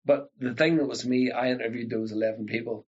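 A husky-voiced man with a broad Ulster Scots accent, talking in a chatty storytelling way. He stumbles and repeats words as his stories run on, and the recording sounds a little dull and muffled. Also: medium pitch, steady tone, fairly quick. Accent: Northern Irish, Ulster Scots. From Northern Ireland. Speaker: guest, linguist. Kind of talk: storytelling conversation.

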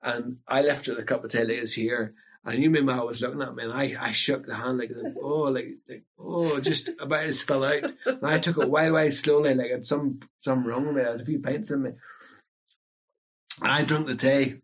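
Ulster Scots man, husky, animated storyteller, dull lo-fi recording. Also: mid-range voice, moderate pace. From Northern Ireland. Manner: animated storyteller who acts out family voices. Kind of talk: casual storytelling chat.

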